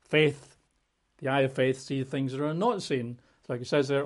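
A male preacher with a somewhat high voice teaches from scripture in a relaxed, conversational sermon. He stresses his key words with emphasis and talks straight to his listeners. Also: normal speed.

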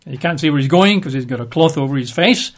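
A man teaching from the Bible, reading passages aloud and then explaining them in relaxed, chatty asides. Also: on the high side, quick pace. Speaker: preacher.

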